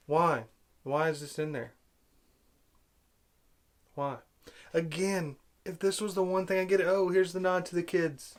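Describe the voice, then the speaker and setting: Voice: mid-range voice, a little slow, pauses often. A vlogger giving an angry film-review rant, sarcastic and exasperated, full of rhetorical questions.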